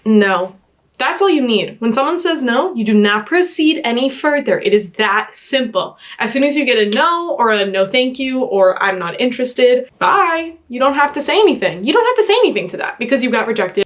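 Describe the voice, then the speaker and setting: Exasperated young woman, rather high voice. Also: moderate pace. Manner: exasperated, animated reactions with many "like" fillers. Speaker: vlogger reading online posts. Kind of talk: casual commentary reading posts aloud.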